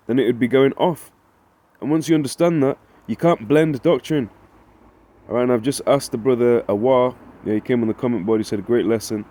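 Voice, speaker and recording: Medium-pitched with a dark tone, this dry-recorded voice belongs to a Bible teacher at a casual study. He talks conversationally, often asks "right?", and reads scripture aloud in archaic phrasing.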